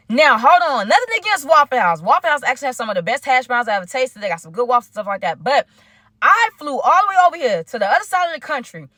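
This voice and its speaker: A young woman, telling a storytime in a casual, animated way and talking straight to her viewers. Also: on the high side, fast talker, dry recording. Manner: animated, talks straight to viewers with lots of asides. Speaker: storytime vlogger.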